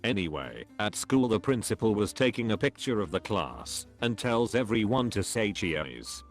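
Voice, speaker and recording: A man's voice: fairly low pitch, very animated, moderate pace, soft background music. A man reading stories aloud as a narrator, in a scripted storytelling style.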